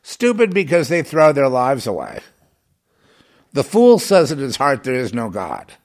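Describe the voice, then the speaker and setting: A man delivering a heated, rambling monologue as a self-styled prophetic broadcaster, swinging between loud outbursts and muttered asides. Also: mid-range voice, huge pitch swings, measured pace. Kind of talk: agitated monologue.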